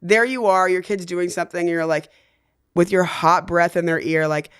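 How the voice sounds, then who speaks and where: A woman co-hosting a comedic parenting podcast, talking in a quick, joking, teasing way. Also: lowish voice, fairly even intonation, smooth. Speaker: podcast co-host. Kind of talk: casual comedic chat.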